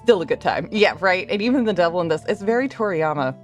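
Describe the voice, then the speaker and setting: A woman's voice: fairly low pitch, expressive, quick pace, soft background music. A woman live-streaming a game, chatting with viewers and reading chat aloud, bubbly, laughing often and swearing freely. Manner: reads chat messages aloud.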